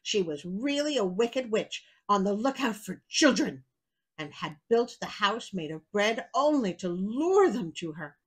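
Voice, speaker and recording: Woman with a lively storytelling voice. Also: mid-range voice, measured pace, breathy edge, low-quality recording. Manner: wry, chatty asides between narration. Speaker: storyteller host. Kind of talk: storybook reading with comic asides.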